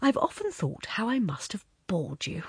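A wistful, earnest man who muses softly about the past, read by a woman. The voice is husky and breathy, with a lively, rising and falling delivery. It sounds close and dry, with no room around it. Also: high-pitched, moderate pace, dry recording, exaggerated voice. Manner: soft, earnest, musing. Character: wistful, wheedling former young lover, man.

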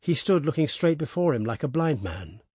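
A man narrating an audiobook in a measured, steady way. His voice sits fairly high for a man, and the recording is close and dry. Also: slightly rough, no room sound. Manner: measured, even storytelling. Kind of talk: scripted narration.

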